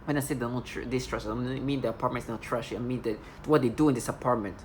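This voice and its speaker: A woman's voice: a bass voice, fairly even intonation, fast, darkish tone, slight background noise. A woman in an agitated, accusatory monologue, rambling and restarting as she vents to the camera. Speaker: video blogger.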